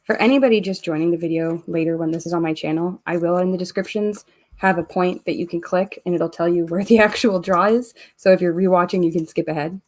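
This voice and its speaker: A woman's voice: fairly low pitch, steady tone, fast talker, darkish tone. A Canadian woman hosting a live stream, chatting casually and reading viewer comments aloud as she works. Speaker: host of a live giveaway stream.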